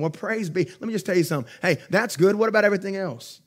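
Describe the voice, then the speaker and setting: A young pastor preaches a sermon in a high-pitched voice, talking very fast. His lively, conversational style swings between loud emphatic peaks and quiet asides, and he laughs while telling his stories.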